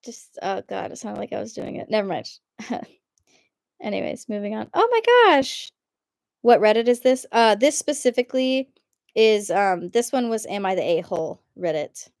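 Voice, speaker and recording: A woman's voice: mid-range voice, moderate pace, gravelly, darkish tone, no room sound, clean studio sound. A woman live-streaming as she reads online posts aloud, chatty and giggly, often breaking off to comment. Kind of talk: casual live-stream reading.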